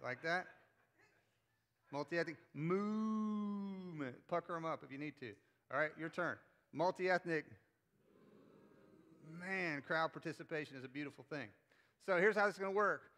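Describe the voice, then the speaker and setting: Male pastor, bright forceful voice, slightly high, chatty sermon with crowd call-and-response. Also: fast talker. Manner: conversational, playful, leads crowd call-and-response. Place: church auditorium with congregation.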